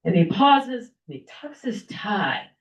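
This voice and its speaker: A woman's voice: mid-range voice, big pitch swings, slow. An older woman giving a prepared storytelling speech at a club meeting, acting out the people she quotes. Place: meeting room at a club lunch. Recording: echoey room, dull lo-fi sound.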